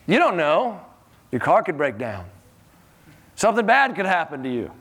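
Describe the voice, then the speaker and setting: A man preaching a sermon in a church in a conversational, animated way, often chuckling and repeating his words. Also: a little high, moderate pace, slightly rough.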